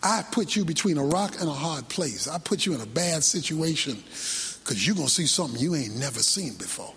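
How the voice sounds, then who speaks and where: A male preacher voicing God as a firm, commanding deity giving slow instructions. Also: a little high, lively intonation, a bit bright, slightly rough, pitched below the performer's own voice, heavily acted.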